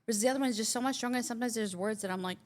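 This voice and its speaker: A woman's voice: fairly high pitch, racing. A woman from southern Albania, a podcast co-host, telling rambling stories in casual chat and acting out the quotes. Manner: rambling storyteller who acts out quotes.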